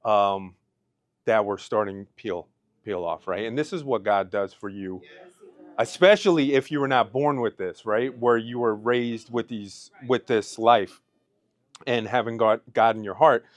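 A man's voice: lowish voice, measured pace, no echo. Emotional man giving a testimony speech. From Pennsylvania. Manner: emotional, fighting back tears. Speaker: speaker. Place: event hall.

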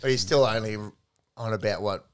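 A man's voice: lowish voice, brisk, clean tone. A young Australian man with an Australian accent, co-hosting a casual sports podcast in a laid-back, rambling, self-mocking way. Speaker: podcast co-host.

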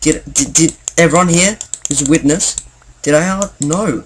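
A young man commenting on his game as he plays, excitable, stammering and jokingly indignant. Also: fairly high pitch, unhurried, slight background noise. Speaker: gaming channel host. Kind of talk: gameplay commentary.

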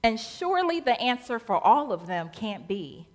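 Woman minister, high bright voice, colloquial rhythmic preaching that echoes through the sanctuary. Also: normal speed. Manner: animated preaching, colloquial retelling, rhythmic repetition. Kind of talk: sermon. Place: church sanctuary. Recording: long church reverb.

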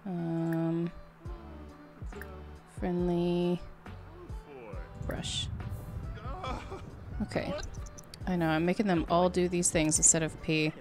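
A woman giving casual, chatty commentary over her life-sim game, talking to her characters and laughing often. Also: sits low. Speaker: gameplay streamer.

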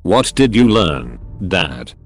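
A man's voice: low-pitched, sing-song, slow, soft background music, heavily acted. A synthetic male voice reading the part of an angry, hurt young woman confronting her father. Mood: bitter.

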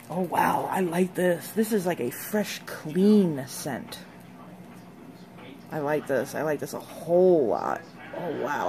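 Chatty, excitable woman vlogger. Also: sits low, a little hiss or hum. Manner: chatty, excitable, gushes over products. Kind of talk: casual unboxing vlog.

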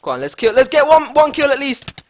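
A man giving excitable live gameplay commentary as a gaming YouTuber, hyped and repeating himself. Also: very high-pitched, fairly quick.

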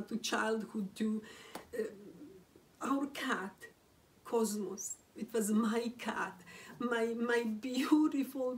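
Grieving woman, higher voice, very slow and halting, near tears, recorded from a distance in a room. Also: darkish tone. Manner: halting, with frequent restarts and whispered phrases. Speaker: widow telling a personal story. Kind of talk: emotional first-person storytelling. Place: room at home, seated.

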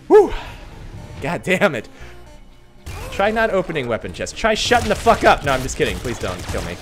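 An excitable man narrates a video game run, with a voice that leaps and swoops all over. His speech sits a bit high for a man. Clear game music plays behind him the whole time. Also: slow, pauses often. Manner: excitable, swings from mutters to yelps and laughs. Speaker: gaming channel host. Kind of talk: let's play commentary.

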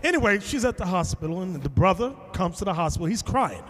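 A man preaching to a class, telling a story with lively acted-out quotes and bursts of shouting. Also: high-pitched, fast, big-room sound. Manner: animated storytelling, acting out quotes, shouting at times. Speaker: teacher. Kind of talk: sermon.

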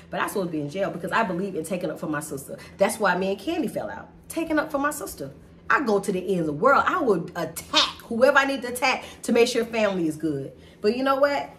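Middle-aged woman, emphatic and animated, casual heartfelt talk, faint room noise. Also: medium pitch. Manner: animated, emphatic, repeats herself for stress. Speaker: host talking about a family conflict. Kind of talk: emotional casual chat.

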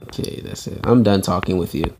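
A man's voice: low-pitched, a little fast, mellow, faint music behind. A man hosting a gaming channel, giving casual, chatty commentary while he plays and often laughing and talking to his viewers.

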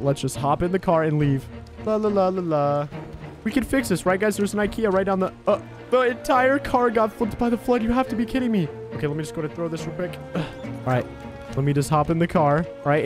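A high-pitched man voicing excitable let's play commentary. He narrates each of his moves in the first person and keeps breaking into exclamations. His delivery is quick to react and animated. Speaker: gaming video creator.

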